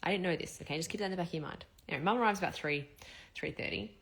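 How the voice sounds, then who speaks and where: Low-voiced chatty woman. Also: racing, creaky, slightly rough. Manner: chatty, expressive, blunt with swearing. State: recovering from surgery. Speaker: vlogger. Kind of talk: casual storytelling.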